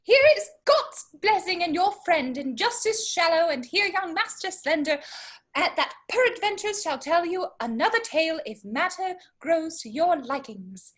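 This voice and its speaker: A fussy, preachy country parson, read by a woman with a very high, swooping voice that rises and falls all over the place. The reading is casual and amateur, with lively, playful delivery. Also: moderate pace. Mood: comic. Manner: lively, breaks off laughing at her own accent. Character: comic fussy Welsh parson, middle-aged man.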